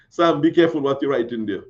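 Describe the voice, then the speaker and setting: A man's voice: mid-range voice, a little mellow. A man hosting a live stream, reading viewer comments and chatting in a folksy, repetitive way. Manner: chatty, folksy, repeats phrases. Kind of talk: casual live-stream talk. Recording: dull lo-fi stream audio.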